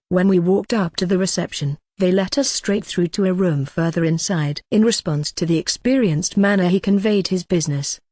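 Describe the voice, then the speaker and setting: A woman narrating a light novel audiobook in the first person with steady, measured reading. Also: fairly low pitch, no echo, clean studio sound.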